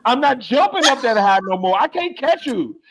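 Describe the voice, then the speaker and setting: A man's voice: very high-pitched, big pitch swings, moderate pace. A man co-hosting a podcast, going off on a comedic, profane, exasperated rant in casual talk. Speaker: podcast co-host.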